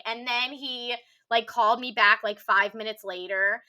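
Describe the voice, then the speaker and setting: A young woman telling a personal story on a podcast, rambling casually with constant "like" fillers and a soft, subdued delivery. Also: a little high, normal speed, few pauses. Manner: rambling, heavy use of "like" filler.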